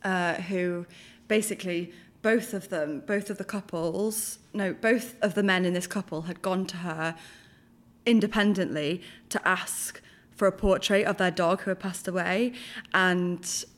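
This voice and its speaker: A woman co-hosting a podcast, chatting casually and telling a story with animated retold quotes and frequent laughter. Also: lowish voice, unhurried. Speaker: podcast co-host. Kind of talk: casual chat.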